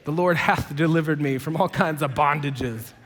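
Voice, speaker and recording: High-voiced pastor preaching with humor. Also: male voice, normal speed, long reverb tail, a little hiss or hum. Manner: energetic, humorous storytelling. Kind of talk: sermon. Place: church auditorium.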